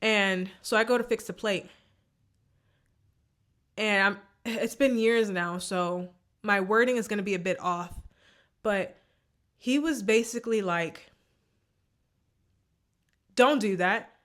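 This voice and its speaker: A woman's voice: mid-range voice, unhurried, long pauses, fairly bright tone. A woman vlogger telling a personal story in a candid, emotional way, often repeating herself.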